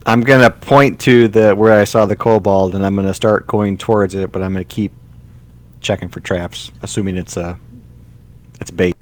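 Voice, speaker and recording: A man's voice: fairly low pitch, fairly even intonation, moderate pace. A man playing a tabletop game, talking in a polite, careful way. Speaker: player. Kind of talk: casual game talk.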